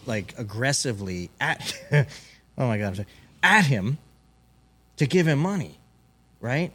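A man hosting a podcast, telling a long story in a rambling, animated way with many restarts. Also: mid-range voice, husky. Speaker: podcast host. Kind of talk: casual storytelling chat.

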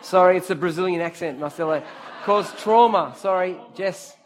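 A youth group preacher gives an interactive sermon in a voice pitched a touch high for a man, speaking fairly quickly. Lively and talking straight to the crowd, he draws answers out of listeners, calls on them by name, and repeats key phrases for emphasis.

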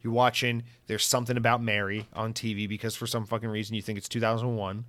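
A man hosting a podcast, talking in a loose, rambling and profane way, with animated swings in his delivery. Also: fairly low pitch, quick pace, no echo. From Central Florida. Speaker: podcast host. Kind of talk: casual chat.

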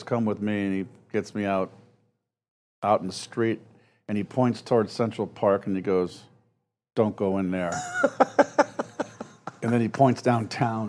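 A low-voiced man in his sixties spins animated stories as an interview guest. He acts out the voices of people he quotes and often breaks into laughter. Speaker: guest, former ballplayer. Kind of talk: storytelling interview.

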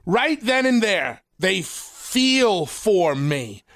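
A man's voice: high voice, very animated, extremely slow, fairly bright tone. A man co-hosting a talk show, speaking passionately and emphatically in a ranting way. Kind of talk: casual chat.

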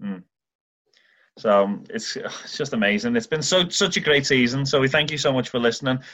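An Irish podcast co-host talks football with casual enthusiasm, acting out quotes as he tells lively stories. His voice is medium-pitched at a normal pace, with no room sound.

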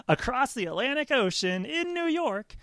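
A man's voice: extremely high pitch, sing-song, measured pace, a bit bright, no echo, studio quality. A man hosting a music podcast in casual chat, talking with many ums and restarts. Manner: chatty, lots of ums and restarts. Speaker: podcast host.

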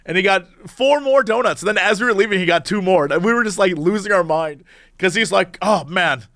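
A man co-hosting a podcast in casual chat, telling rambling, animated stories. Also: high voice, fairly quick, no room sound, clean studio sound. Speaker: podcast co-host.

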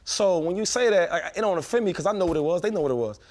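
Here a man in his thirties spins a story in loose, slangy chat, rattling along very quickly and doubling back mid-sentence. His voice sits a little high for a man. He sounds like a former pro athlete holding court among friends. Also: animated, a little mellow. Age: 30s. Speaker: former pro football player telling stories. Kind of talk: casual podcast chat.

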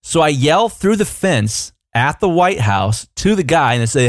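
A man co-hosting a podcast, telling a rambling, animated anecdote in casual chat, full of fillers. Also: fairly high pitch, measured pace, hardly any pauses, no echo, clean studio sound. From United States. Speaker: podcast co-host.

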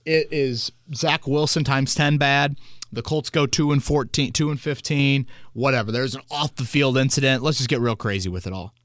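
A man's voice: medium pitch, moderate pace, a bit bright, no room sound. A man hosting a sports podcast in a casual, rambling way, spinning hypotheticals. He is recorded on a close, dry mic. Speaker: podcast host.

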